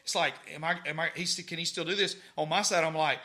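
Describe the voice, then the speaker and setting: A middle-aged man, a podcast guest telling stories in a lively way, repeating words as he goes. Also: a little high, fast talker. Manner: animated, stammering repeats, acts out dialogue. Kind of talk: casual storytelling.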